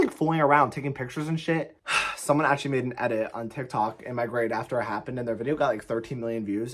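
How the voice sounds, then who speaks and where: Husky-voiced young man telling a story. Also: mid-range voice. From United States. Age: young adult. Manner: emphatic, profane, heavy on "like" fillers. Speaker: vlogger. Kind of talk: casual storytime monologue.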